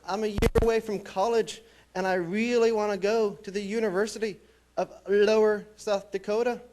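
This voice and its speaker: A young man from New Mexico doing a stand-up comedy set with a deadpan, wry delivery. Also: high voice, normal speed. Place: small college theatre stage.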